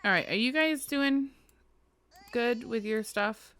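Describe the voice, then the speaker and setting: A woman's voice: fairly high pitch, slow pace, a bit bright. A woman casually commenting on her life-sim game as she plays, chatty and giggly, talking to her game characters. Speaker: gaming video host. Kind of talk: casual let's-play commentary.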